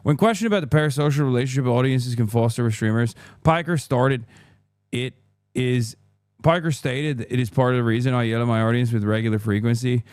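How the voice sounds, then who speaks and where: A man's voice: medium pitch, fairly quick, a little mellow, clean tone, dry recording, clean studio sound, lightly acted. A man putting on an exaggerated Irish accent while reading an article aloud on stream. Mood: mock newsreader. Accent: put-on Irish. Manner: theatrical, exaggerated brogue. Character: man reading news in a hammy put-on Irish brogue.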